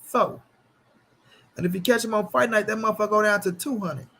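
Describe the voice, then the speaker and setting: A man with a notably high voice vents about boxing to his camera in a loose, profane rant. He taunts and jeers over and over, jumping between loud outbursts and low mutters. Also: vocal fry. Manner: taunting, mocking, repetitive jeers; animated, shifting quickly between loud and muttered. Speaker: boxing commentary channel host.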